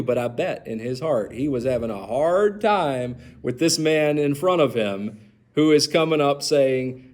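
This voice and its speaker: A man leading a church Bible study, animated and asking the group questions. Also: mid-range voice, a little slow. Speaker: pastor.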